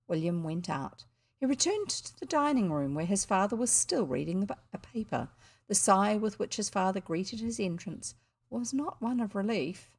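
A woman's voice: mid-range voice, animated, moderate pace. A woman with a New Zealand accent reading a children's story aloud, adding chatty asides to listeners. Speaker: audiobook reader.

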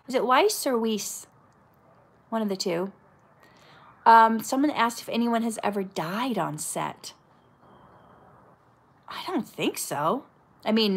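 A woman's voice: medium pitch, creaky. A middle-aged woman, an actress, chatting casually as she reads out viewer questions and answers them. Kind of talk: casual live Q&A chat.

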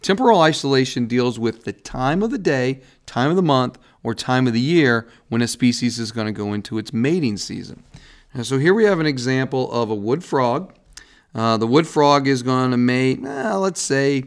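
A man teaching a recorded biology lesson over slides, casual and folksy, with frequent "all right"s and small restarts. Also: mid-range voice.

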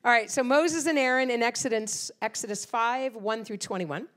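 Middle-aged female preacher, higher-pitched, expressive storyteller. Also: moderate pace. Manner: animated storytelling with acted-out quotes. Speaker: guest speaker. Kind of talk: sermon.

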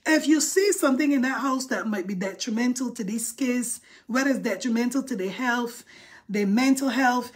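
A woman's voice: a little high, moderate pace, slightly rough. A woman commentating on a live video, bold and confrontational, putting pointed questions to the people she talks about.

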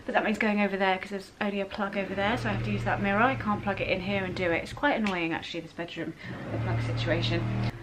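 A woman's voice: mid-range voice, fairly even intonation, fast talker, noisy background. A woman with an English accent chatting casually to her camera in a rambling vlog, often correcting herself. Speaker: vlogger.

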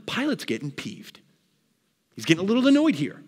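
A male pastor preaching an animated sermon, acting out the scripture with voices, in a reverberant church hall. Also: mid-range voice, quick pace, long pauses, breathy edge.

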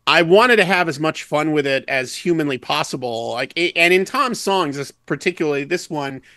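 A man's voice: on the high side, bright, forceful tone, no room sound. Dry-voiced chatty man, podcast guest. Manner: chatty, joking, quick digressions. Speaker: guest musician. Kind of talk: casual podcast chat.

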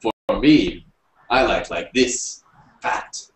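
A man's voice: lowish voice, animated, extremely slow, voice pushed up. A man reading a story, voicing a grinning foreign café patron who speaks in broken English. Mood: insistent. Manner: broken English, repeats "please". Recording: roomy, from a distance.

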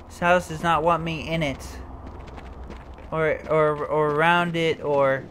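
A man with a high, bright voice talks his way through a game at an unhurried pace. He mutters to himself, swears freely and yelps whenever something startles him. A faint hiss sits under the recording. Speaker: gameplay commentator. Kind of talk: let's play commentary.

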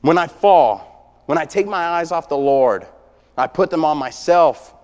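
A man's voice: fairly high pitch, moderate pace, clean tone. Preacher man in a reverberant church. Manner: lively storytelling that swings from hushed to shouting. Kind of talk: sermon. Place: church sanctuary.

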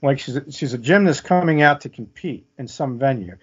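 A man's voice: mid-range voice, animated, fairly quick, slightly rough. Storytelling man on muffled audio. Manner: vivid, keeps checking in with "okay?". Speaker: interview guest. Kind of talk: casual storytelling.

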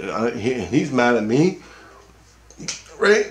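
A man's voice: mid-range voice, big pitch swings, slow, long pauses. A man telling a long dream story in a rambling, profane way, often checking in with "okay?". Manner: profane, repetitive, keeps asking "okay?". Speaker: vlogger recounting a dream. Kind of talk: rambling casual monologue.

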